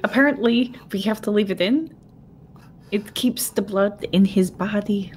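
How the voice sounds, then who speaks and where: A woman's voice: mid-range voice, a little slow, darkish tone, slight background noise. A woman speaking as a player in a tabletop role-playing game, giggly and playful.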